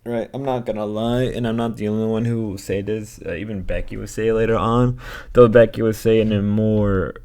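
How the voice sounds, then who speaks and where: A man's voice: on the low side, steady tone, brisk, warm tone, clean tone. A man giving casual, rambling commentary on clips, often correcting himself. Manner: rambling, candid, self-correcting. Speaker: streamer reacting to clips.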